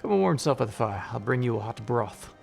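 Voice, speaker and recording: A man voicing a gruff, hospitable male tower keeper, slow and old-fashioned in speech. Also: mid-range voice, expressive, faint music behind. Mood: welcoming.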